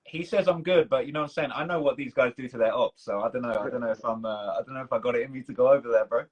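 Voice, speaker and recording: A man's voice: mid-range voice, racing, slightly rough, highs cut off. A man with a British accent, rambling in casual chat as the host of a live stream, with loose speech full of "bro" and "man". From United Kingdom. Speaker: documentary creator and host. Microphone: video call.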